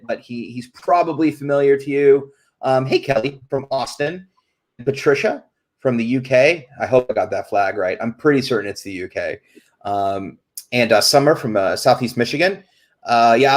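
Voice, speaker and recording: A man hosting a casual live stream, chatty and greeting viewers, often stumbling and restarting his words. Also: mid-range voice. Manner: reads off viewer names and disclaimers quickly. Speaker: host.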